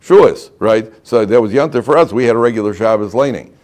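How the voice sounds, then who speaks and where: Speaking quickly with a fairly low voice, a rabbi leads an informal Torah class for students in a classroom. He is animated and joking, frequently asking his listeners questions.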